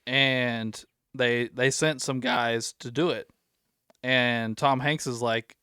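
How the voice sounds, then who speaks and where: A man's voice: medium pitch, steady tone, slow pace, bright, forceful tone, clean tone, dry recording, studio quality. A man hosting a casual podcast, telling stories at length and acting out what people said. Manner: rambling storyteller, acts out quotes. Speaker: podcast host.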